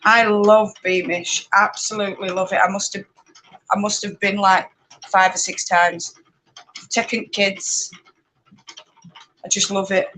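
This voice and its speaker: A woman with a Yorkshire accent chats away on a live stream, rambling from one thought to the next and breaking into laughter often. She takes her time, her words coming at an unhurried, easy pace, and her pitch sits in a middling range. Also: flat delivery, a bit bright, slight background noise, rough recording. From northern England. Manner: chatty and rambling, laughs often, reads out viewer comments. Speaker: spinning vlogger hosting a live chat. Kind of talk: casual live-stream chat.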